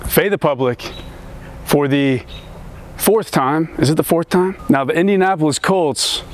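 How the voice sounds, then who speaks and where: A man's voice: fairly high pitch, unhurried, a little hiss or hum. A man co-hosting a sports comedy show, moving between jokey banter and mock-serious talk.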